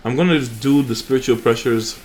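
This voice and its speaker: A man's voice: mid-range voice, a little fast, a little mellow, slight background noise. A young man hosting a mobile game channel, chatting casually and rambling with fillers and restarts over his gameplay.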